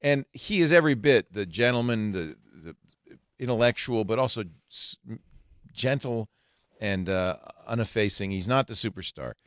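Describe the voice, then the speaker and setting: A man's voice: fairly low pitch, lively intonation, moderate pace, fairly bright tone, smooth, no room sound, studio quality. An older man hosting a casual tech podcast, reading headlines aloud and adding joking asides. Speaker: podcast host.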